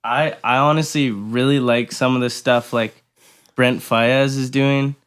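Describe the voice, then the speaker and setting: A man's voice: medium pitch, fairly even intonation, unhurried, a bit bright, smooth. Slangy young man, chill and casual. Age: young adult. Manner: slangy, chill, calls people bro. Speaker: band member guest. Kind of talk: casual interview chat.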